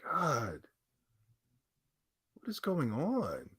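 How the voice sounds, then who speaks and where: A man's voice: a little high, wildly swooping pitch, very slow, fairly bright tone, breathy edge. A man giving a ranting gaming commentary, indignant and sarcastic in a mocking way.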